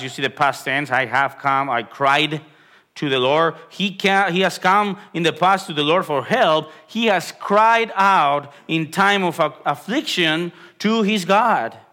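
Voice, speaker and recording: A male pastor delivering a sermon in an earnest voice that is bright and forward. His pitch sits a little high for a man, and he climbs higher when he presses a point. He repeats phrases for emphasis and often restarts a sentence with an "uh". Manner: frequent restarts and filler "uh".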